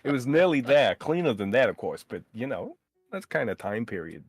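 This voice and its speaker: A man's voice: mid-range voice, very animated, moderate pace, husky, no echo. A man in casual chat, wry and playful, with dry jokes and asides. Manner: wry, playful, drops into mock accents.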